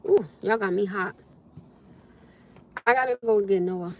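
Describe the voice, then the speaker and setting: Livestreaming casually from her phone, a woman reads scripture and thanks her viewers, often exclaiming and laughing along the way. She speaks unhurriedly in a medium-pitched voice, and the muffled recording carries a bit of hiss or hum.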